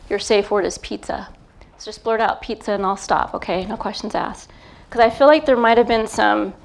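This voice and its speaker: A middle-aged woman, a psychic medium, gives a gentle, hesitant live reading before an audience, pausing often as she feels her way. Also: a little high, gravelly. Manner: gentle, hesitant, feeling her way with many pauses. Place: event talk in front of a live crowd.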